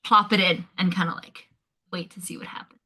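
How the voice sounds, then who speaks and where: Bright-voiced excitable woman player. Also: lowish voice, a little fast, slightly rough. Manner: chatty, excitable, full of likes. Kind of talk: describing her character's actions in a tabletop game.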